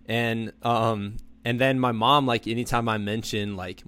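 A young man hosting a podcast in casual, self-deprecating chat that comes in quick bursts. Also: medium pitch, steady tone, a bit bright, no room sound. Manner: laid-back, self-deprecating, talks in bursts. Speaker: podcast host.

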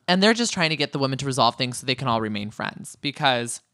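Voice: medium pitch, expressive, fast, pushed and bright, no echo, studio quality. A podcast co-host chatting casually and opinionatedly in a reality-TV recap, with jokey asides.

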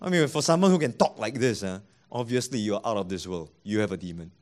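A man's voice: on the low side, lively intonation, fast talker, a little mellow. A man preaching a sermon as a pastor, acting out both sides of the dialogues he retells.

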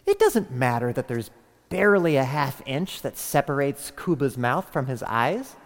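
A man's voice: mid-range voice, very animated, normal speed, in a large hall. A man hosting a podcast, delivering a crude comic mock lecture with theatrical asides to the listener. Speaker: podcast host.

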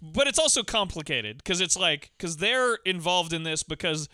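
Bright, crisp-voiced man chatting movies. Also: high voice, sing-song, normal speed, no echo, clean studio sound. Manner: rambling, restarts, laughing asides. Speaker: podcast co-host. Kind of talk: casual movie chat.

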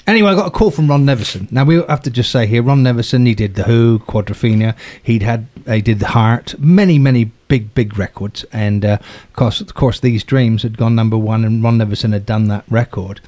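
A man's voice: mid-range voice, a little fast, few pauses. A man who produces records, telling a story in casual conversation, laughing often and acting out the quotes. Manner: animated, acts out quotes with raised voice, laughs often.

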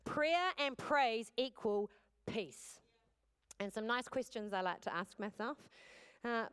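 A woman's voice: medium pitch, fairly bright tone, smooth. A woman pastor, preaching a sermon in a candid, conversational storytelling way.

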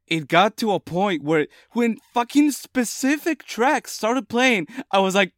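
A man's voice: high voice, very animated, unhurried, a bit bright, dry recording, studio quality. A man in casual chat, emphatic and exclaiming, swearing heavily.

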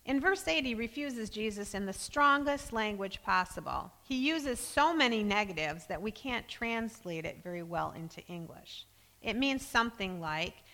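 Woman preaching with a bright voice in a reverberant hall. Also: medium pitch, lively intonation, normal speed. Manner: earnest, reads scripture aloud with emphasis. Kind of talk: sermon.

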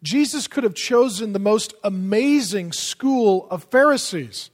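Man, pastor, sermon, high-pitched, animated, loud-to-hushed swings, long hall reverb. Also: a little slow.

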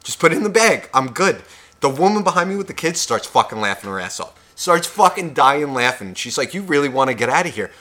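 A man's voice: medium pitch, big pitch swings, a little fast, pushed and bright. A man on a podcast, telling a profane shopping story and acting out both sides of the conversation. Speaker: podcast co-host. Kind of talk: casual storytelling rant.

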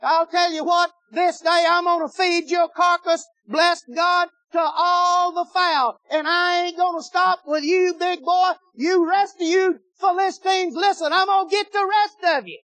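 A man's voice: very high-pitched, fairly even intonation, measured pace, hardly any pauses, bright, forceful tone, no echo, voice pushed up, heavily acted. A man playing a bold young shepherd boy who boasts in a brash, raised voice.

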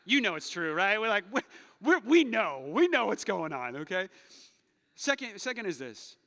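Um jovem pastor pregando um sermão, contando histórias com humor e exortando a congregação com ênfase crescente. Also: male voice, high voice, sing-song, moderate pace. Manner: storytelling, joking, rising to loud urging. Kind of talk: sermon. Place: church sanctuary. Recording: long hall reverb.

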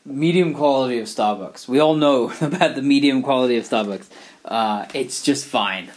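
A man's voice: mid-range voice, moderate pace. A middle-aged man from England, talking in a wry, rambling, digressive monologue. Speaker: vlogger. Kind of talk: casual monologue.

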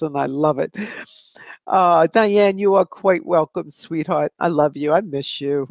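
A woman's voice: on the low side, a little slow, no room sound. A middle-aged woman hosting a live psychic question show, reading out viewer questions in a breezy, chatty way and laughing often. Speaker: psychic medium show host.

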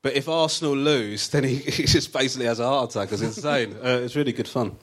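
A man with an ordinary, middle-pitched voice tells comic stories on stage in a theatre. He is chatty and self-mocking, and he laughs often at his own jokes. He talks to a live audience. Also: quick pace. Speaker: comedian guest. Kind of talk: comic storytelling on a live show.

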